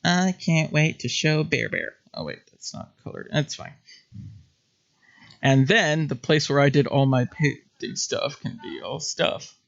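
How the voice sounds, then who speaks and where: Painting on a livestream, this male host talks casually and laughs a lot in a creaky voice on the high side. He sounds animated and keeps a measured pace, carried over muffled, lo-fi stream audio.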